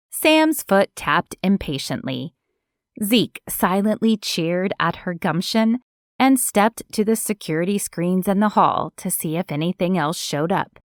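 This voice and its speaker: Audiobook narrator, woman, slow and measured, dry close sound. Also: on the low side, no echo. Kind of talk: scripted narration.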